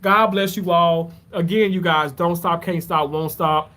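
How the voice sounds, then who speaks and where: A man with a notably high-pitched voice talks loosely to his live-stream audience. He rambles in a heartfelt way and keeps circling back to thank his viewers. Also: steady tone, measured pace, sharp tone. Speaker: livestreamer answering chat. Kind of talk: casual live stream chat.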